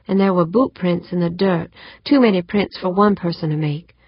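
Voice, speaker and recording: A woman's voice: lowish voice, moderate pace, breathy edge, dry recording. A woman voicing an anxious, determined young woman who speaks urgently and pleads for help. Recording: dull muffled audiobook recording.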